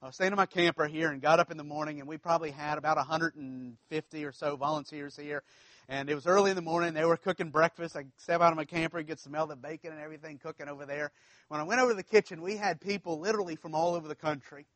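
A man's voice: fairly high pitch, steady tone, fast talker, a bit bright, no room sound. A man from South Louisiana with a local accent, preaching a sermon as pastor in a conversational, storytelling way with folksy asides.

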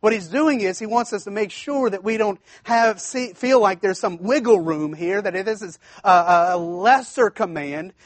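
A man's voice: sits high, normal speed, hardly any pauses, dry recording. A man preaching a sermon as a pastor, emphatic, repeating key phrases and often restarting his sentences.

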